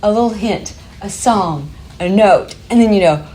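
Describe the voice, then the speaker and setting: A woman's voice: mid-range voice, normal speed, warm tone. A woman presenting a workshop to a live group, talking in a chatty, upbeat way and laughing easily.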